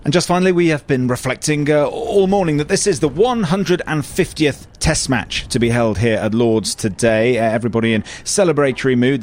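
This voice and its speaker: Guy reporting live from the cricket ground, polite, lots of uhs. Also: mid-range voice. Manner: polite, with frequent "uh" fillers. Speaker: radio reporter interviewing at the ground. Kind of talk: live radio interview.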